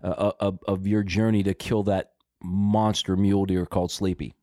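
A man hosting a casual interview leads into questions eagerly, tripping over his words. His voice sits fairly low and sounds close and dry. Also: flat delivery, moderate pace, warm tone, dry recording. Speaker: podcast host.

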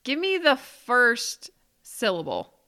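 A woman's voice: fairly high pitch, wildly swooping pitch, slow, heavy background noise. A woman co-hosting a casual podcast as a quiz contestant, giggling often and thinking aloud. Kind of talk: casual chat.

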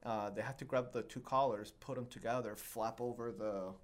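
A young man hosting a podcast speaks in a mid-range voice with a steady tone at normal speed. He tells long, self-deprecating stories in a rambling, casual way, full of fillers.

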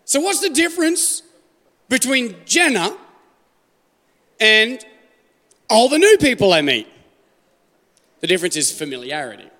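A man's voice: very high voice, sing-song, measured pace, pauses often, sharp tone. A man with an Australian accent preaching a sermon to a live congregation as pastor, joking and putting questions to the room. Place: church hall. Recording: live church hall reverb.

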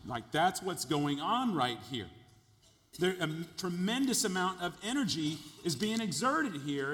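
A man preaching a sermon, emphatic and building to loud peaks, often repeating his words. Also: sits high, big pitch swings, unhurried, long reverb tail. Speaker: pastor.

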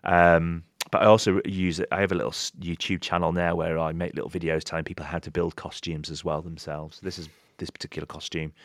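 Deep-voiced man telling stories. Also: fairly quick, few pauses, no room sound, studio quality. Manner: animated storyteller, voices quoted people with pitch jumps. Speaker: pastor and author, podcast guest. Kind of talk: casual podcast interview.

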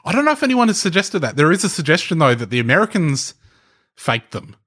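A man's voice: fairly high pitch, big pitch swings, fast talker, fairly bright tone. A man co-hosting a podcast, casually explaining a story to his co-host while thinking aloud, restarting sentences and laughing lightly. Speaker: podcast co-host presenting the research.

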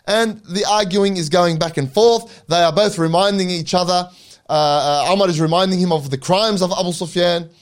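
A male preacher carries his audience through a dramatic religious story in a storytelling lecture. His voice sits slightly high for a man, and he pauses for reverent asides. The narration moves with dramatic emphasis.

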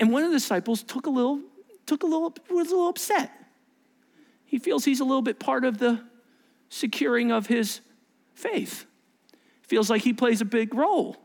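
A male pastor delivers a sermon in a fairly high voice. He preaches in a lively, conversational way, jumping up in pitch to act out the voices he quotes. He often turns to the congregation with questions. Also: normal speed, creaky, pauses often. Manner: animated, acts out quoted voices with sudden rises.

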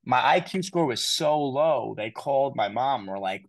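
A man in his thirties from the United States, a guest telling his life story in an interview, animated and quick to repeat words. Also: mid-range voice, no room sound. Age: 30s. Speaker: guest speaker.

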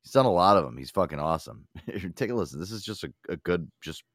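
A man's voice: deep voice, expressive, quick pace, a bit bright, dry recording, clean studio sound. A man hosting a podcast in loose, profane, enthusiastic casual chat. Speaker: podcast host.

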